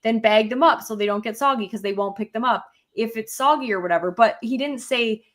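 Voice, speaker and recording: Animated young woman telling stories. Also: on the high side, a little fast. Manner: animated storytelling, acts out quarrels with a rising voice. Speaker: podcast co-host. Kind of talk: casual chat.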